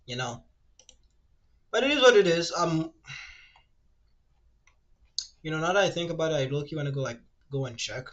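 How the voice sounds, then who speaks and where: A man streaming casually while he draws, rambling and ranting, swearing freely and reading web answers aloud in a quick mumble. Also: lively intonation, a bit bright, highs cut off, a little hiss or hum. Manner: rambling, ranty, swears freely, fillers like "low-key" and "like"; reads web search results aloud in a rushed mumble. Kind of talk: casual livestream chat while drawing.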